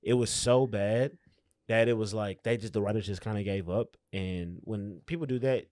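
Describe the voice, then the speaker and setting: A man with a fairly low voice talks loosely in casual podcast chat, joking and swearing as he goes. The sound is dry and close, with no room echo at all. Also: normal speed, darkish tone. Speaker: comedian, podcast co-host.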